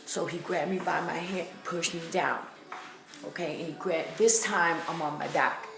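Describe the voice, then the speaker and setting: Blunt New woman vlogger, low gravelly voice, emphatic and repetitive, echoey room with faint music. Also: fairly even intonation, moderate pace. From the Bronx, New York. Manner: emphatic and blunt, repeating phrases for weight. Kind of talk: candid personal storytelling to camera.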